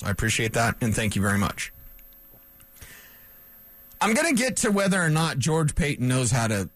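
Animated, wisecracking sports radio man. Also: medium pitch, dry recording. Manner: animated, wisecracking, rambling asides. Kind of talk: sports talk radio rant. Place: radio studio.

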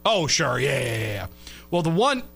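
Male sports radio host, bright voice, chatty and laughing, faint music under. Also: fairly high pitch, very animated, moderate pace, vocal fry, slightly rough. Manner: laughs often, loose and rambling. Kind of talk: casual sports radio chat.

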